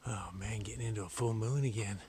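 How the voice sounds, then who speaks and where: A man vlogging alone on a forest trail at night, chatting casually to a handheld camera as he walks, sometimes dropping to a hushed whisper. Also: fairly low pitch, fairly even intonation, a little fast, noisy background. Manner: chatty, drifting between normal voice and hushed whispers. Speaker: solo long-distance hiker vlogging. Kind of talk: casual talk to camera while hiking.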